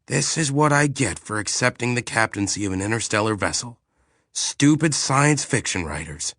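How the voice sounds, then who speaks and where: A man voicing an exasperated, sardonic human starship captain who is quick to grumble. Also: medium pitch, lively intonation, fairly bright tone, no room sound, clean studio sound, pitched above the performer's own voice.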